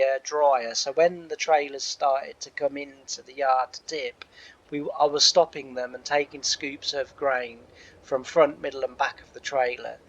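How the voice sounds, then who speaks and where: A man's voice: mid-range voice, a bit bright, highs cut off. A man hosting a farming simulator let's play, talking casually in character as a farm manager, rambling with many fillers and restarts.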